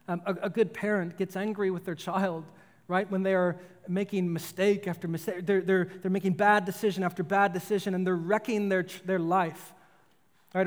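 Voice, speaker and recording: A man preaching a sermon in earnest, often repeating words and restarting phrases as he goes. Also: high voice. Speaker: pastor. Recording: long hall reverb.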